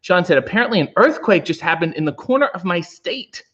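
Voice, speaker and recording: A man hosts a casual livestream, reading out viewer comments and answering them with deadpan, sarcastic quips. His voice swings widely and lively in pitch. The stream audio sounds dull and lo-fi. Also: brisk. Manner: dry sarcastic asides, animated pitch swings. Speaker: livestream host reading chat.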